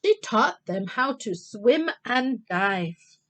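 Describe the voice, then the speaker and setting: A woman teacher reading a picture book aloud to children, expressive and pausing to count along with them. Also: on the high side. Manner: expressive, stops to count and talk to kids. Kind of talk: children's storytime read-aloud.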